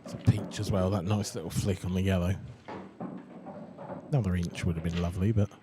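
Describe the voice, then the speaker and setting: Lowish male co-commentator breaking down shots. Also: steady tone, fairly quick, background noise. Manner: analytical, explains shots and positional play. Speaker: pool co-commentator. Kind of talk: live sports commentary.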